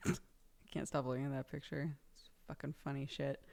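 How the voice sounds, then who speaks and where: A woman's voice: very deep voice, level tone, moderate pace, vocal fry, a little mellow. A young woman chatting casually on a live stream, laughing often and swearing offhandedly.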